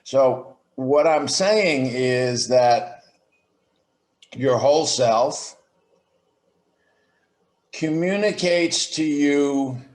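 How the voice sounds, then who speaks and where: Over a video call, a podcast guest with a mid-range, slightly mellow and reverberant voice works through his ideas thoughtfully. The interview is conversational; he speaks slowly and keeps restarting sentences.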